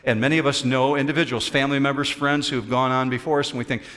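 A man preaching a sermon as pastor, emphatic and dramatic, stretching out key phrases slowly. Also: medium pitch, steady tone, a bit bright. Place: church sanctuary. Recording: long hall reverb.

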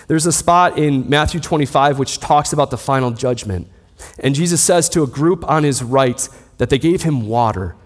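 A pastor in his thirties delivers a sermon with a calm, explanatory manner, often posing questions and then answering them. His voice sits in an ordinary middle register. The recording carries a long, lingering hall reverb. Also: mid-range voice. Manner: steady teaching tone with rhetorical questions.

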